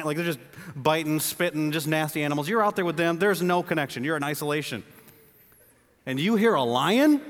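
A man's voice: fairly high pitch, a little fast, long reverb tail. A man preaching a sermon to his church, telling the story with humor and acting out voices. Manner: animated, jokey storytelling with acted-out voices. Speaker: pastor. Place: church building.

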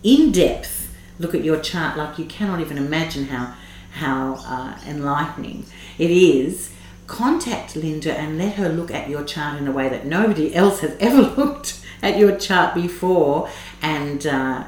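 A woman's voice: low voice, lively intonation, a little slow, a little mellow. A woman hosting an interview, effusive in her praise and hesitant, with frequent fillers. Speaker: interview host. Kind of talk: interview conversation. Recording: echoey room with faint noise.

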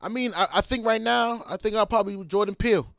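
A man's voice: sits high, quick pace, creaky, fairly bright tone, dry recording, studio quality. A man from Boston, a comedian, chatting loosely as a guest on a podcast, laughing often between his words. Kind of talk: casual podcast chat. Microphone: studio mic.

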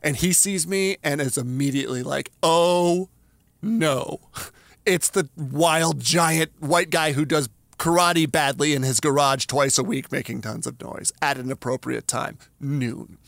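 A man co-hosting a podcast, telling a story in an emphatic, animated way and acting out the voices of the people in it. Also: fairly high pitch, measured pace, creaky, no echo. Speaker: podcast co-host. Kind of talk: casual chat, storytelling.

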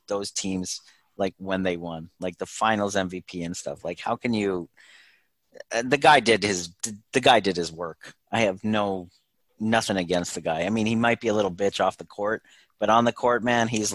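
A low-voiced man chatting about sports on a podcast, recorded close and dry with no room sound. He talks in a relaxed, casual way, sprinkling "like" through his sentences. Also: moderate pace, dry recording. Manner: laid-back, lots of "like" fillers. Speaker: podcast co-host.

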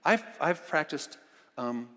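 A man's voice: fairly high pitch, lively intonation, slow, sharp tone. A male pastor giving a conversational, enthusiastic sermon with many restarts, recorded in a church. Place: church sanctuary. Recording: long reverb of a church hall.

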